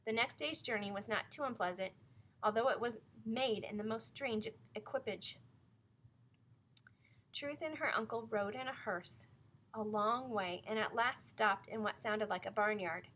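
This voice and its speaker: A woman reads a novel aloud in clear, measured storytelling. Her voice sits at an everyday middle pitch over a faint hiss. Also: fairly bright tone. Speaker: narrator. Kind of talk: audiobook reading of a novel.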